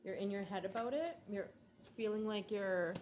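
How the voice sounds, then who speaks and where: A woman's voice: medium pitch, a little mellow, a little hiss or hum. A woman giving a casual tarot reading, musing and hesitant, drowsy and yawning. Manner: slow, musing, hesitant with many ums and likes. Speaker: tarot reader.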